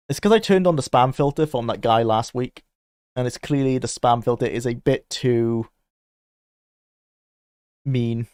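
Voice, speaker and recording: A young man chatting loosely as he streams a game, rambling and quick to laugh. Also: medium pitch, darkish tone, no room sound. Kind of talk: casual live-stream gameplay commentary.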